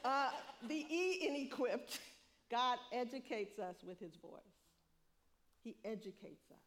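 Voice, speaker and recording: A middle-aged woman preaching a sermon, lively, laughing often and acting out what people say. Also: on the high side, measured pace.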